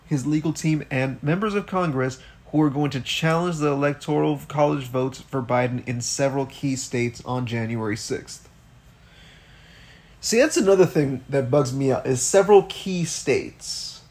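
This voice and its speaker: A man co-hosting a casual podcast, riled up and profane as he rants through the news. He piles on rhetorical questions and talks at a middle pitch. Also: a little mellow. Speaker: podcast co-host. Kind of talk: casual political podcast chat.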